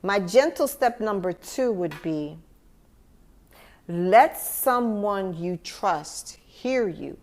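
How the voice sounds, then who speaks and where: A woman hosting a podcast, speaking gently and from the heart to the listener as a grieving mother reflecting on loss. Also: mid-range voice, expressive, drawn-out words. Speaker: podcast host. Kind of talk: personal reflective monologue.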